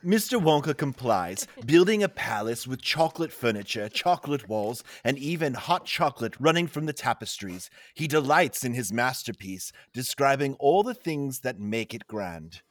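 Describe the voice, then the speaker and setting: A man reading scripted story narration in a measured, announcing manner. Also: medium pitch, animated, no echo.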